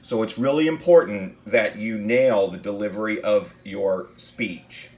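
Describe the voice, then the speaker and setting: A man's voice: fairly low pitch, measured pace, a little mellow. A man teaching a class on speech delivery, talking in a loose, conversational way and asking the listener rhetorical questions. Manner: conversational, with many fillers and restarts. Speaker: instructor. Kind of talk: recorded lecture on speech delivery.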